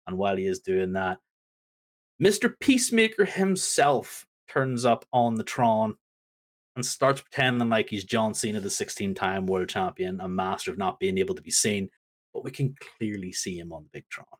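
A man telling a wrestling story in an easygoing, chatty way. He runs through the events with playful asides and has a medium-pitched voice. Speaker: podcast co-host recapping wrestling. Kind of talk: casual recap chat.

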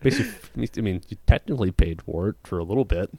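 Fast-talking male podcast host, profane and rambling, recorded dry and close. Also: on the low side, wildly swooping pitch, vocal fry, warm tone, no echo. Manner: rambling, profane storytelling with frequent restarts. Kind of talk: casual chat.

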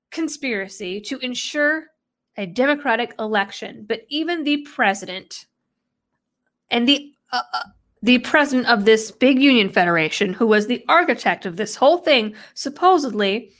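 A woman talks through an article on her own, reading out quotes and then answering them with skeptical, sarcastic asides. Her voice sits a little on the high side for a woman, and she keeps up a steady commentary. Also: moderate pace. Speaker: political commentator. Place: New England background.

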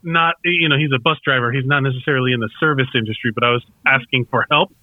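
A man's voice: mid-range voice, fast, dry recording. A man chatting casually and rambling a little, swearing freely as he talks. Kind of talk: casual chat. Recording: tinny phone-like sound.

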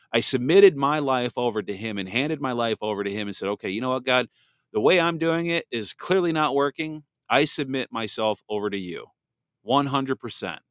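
A podcast host in his thirties, with a lowish voice and a fairly bright tone, shares a personal faith testimony in studio quality with no echo. He speaks candidly and ramblingly, with many restarts.

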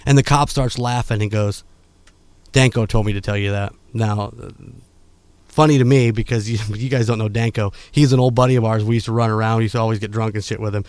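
A man's voice: lowish voice, fast talker, no room sound. A man hosting a podcast, telling a casual story with laughs and acted-out quotes. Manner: animated, laughing, acts out quotes.

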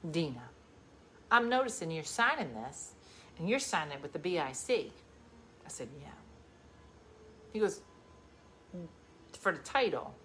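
Lively bright-voiced woman in her forties. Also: deep voice, slight background noise. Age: 40s. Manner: animated, swings from loud bursts to hushed asides. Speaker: livestream host. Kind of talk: casual storytelling chat.

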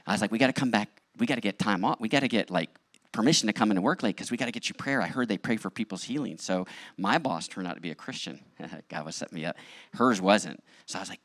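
A middle-aged male pastor telling his story in a sermon, animated, acting out what people said. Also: lowish voice, fast talker, no room sound. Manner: animated storytelling with acted-out quotes. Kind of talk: testimony sermon.

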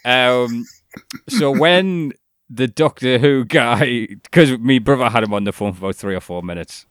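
A man's voice: mid-range voice, a little slow, clear, resonant tone, dry recording, clean studio sound. A young man, co-hosting a podcast in casual chat, rambling, laughing and swearing. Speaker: podcast co-host.

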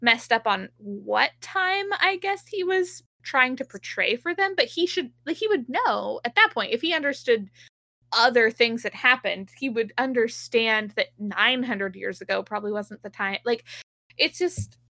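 A woman's voice: fairly high pitch, animated, normal speed, gravelly, pushed and bright, no echo, clean studio sound. A woman in casual podcast chat, recapping an episode, acting out quotes and laughing often. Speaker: podcast co-host.

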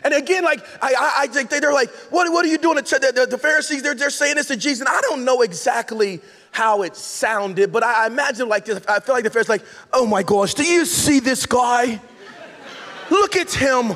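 High-voiced joking pastor in a big hall. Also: male voice, quick pace, hardly any pauses, sharp tone. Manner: loose and conversational, slangy asides, frequent restarts. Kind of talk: casual, joking sermon. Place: large church auditorium. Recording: long hall reverb from the sanctuary.

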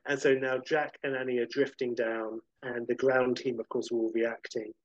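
A man casually narrating a film pitch, rambling and scattering fillers as he goes. His voice is mid-pitched. The audio is dry and slightly muffled. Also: level tone, normal speed, dry recording.

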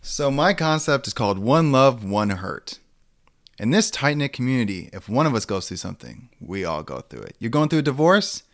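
A man's voice: lowish voice, very animated, moderate pace. A man co-hosting a casual comedic chat, riffing on a joke idea and acting out mock quotes with bursts of laughter.

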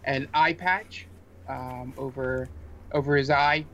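A man's voice: mid-range voice, steady tone, slow, fairly bright tone, slight background noise. A man narrating a tabletop game as game master, hesitant with many fillers. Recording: dull muffled sound with faint music.

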